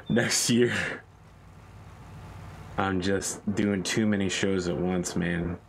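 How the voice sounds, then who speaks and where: Low-voiced man joking through a game stream. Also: steady tone, extremely slow, creaky, slight background noise, low-quality recording. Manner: joking, rambling banter with restarts. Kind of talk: casual gaming chat.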